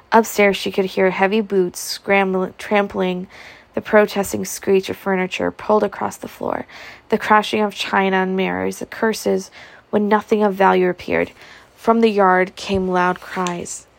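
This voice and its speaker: A woman's voice: medium pitch, creaky, dry recording. A woman reading a novel aloud expressively, now and then breaking off to comment. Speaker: audiobook reader.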